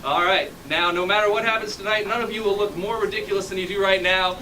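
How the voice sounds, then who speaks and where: Upbeat improv referee, man, slightly high voice, distant noisy live room. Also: fairly even intonation, fast talker, pushed and bright. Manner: playful, upbeat, coaxing the crowd. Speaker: referee and host of an improv show. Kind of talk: addressing a live audience. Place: theater stage.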